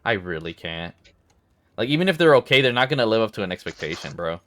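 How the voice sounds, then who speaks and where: A young man hosting a casual podcast chat, swearing freely and ranting with big swings in pitch. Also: sing-song, fast, fairly bright tone. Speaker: podcast host.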